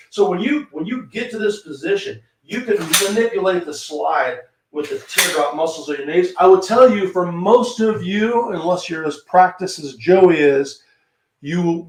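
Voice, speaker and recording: A man with a Southern American accent teaching handgun technique on a livestream, chatting to viewers by name as he demonstrates on camera. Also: on the high side. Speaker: firearms instructor hosting a livestream. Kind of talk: live-streamed teaching and reading viewer comments. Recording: echoey room.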